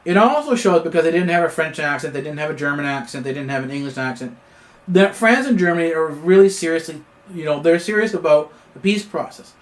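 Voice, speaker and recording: Speaking a little fast in a fairly high, expressive voice, this Canadian host of his own independent news commentary show riffs through a political monologue. It's unscripted, full of fillers and false starts.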